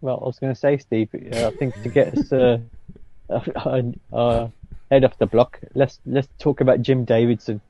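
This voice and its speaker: A man's voice: mid-range voice, steady tone, normal speed, highs cut off. A man co-hosting a casual chat, with dry, teasing remarks. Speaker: co-host. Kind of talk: casual banter.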